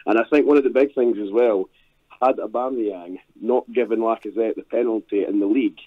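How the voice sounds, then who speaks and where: A male caller gives his relaxed, confident football opinions. His rather low voice comes through a thin, tinny phone line, dry and close. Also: brisk, dry recording.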